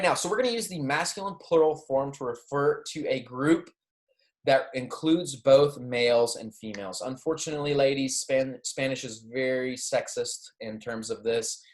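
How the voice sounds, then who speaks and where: A man with a medium-pitched, animated voice gives a recorded classroom lecture on Spanish grammar. Patient in his explanations, he keeps asking "okay?" or "right?" and pronounces each Spanish example slowly and distinctly.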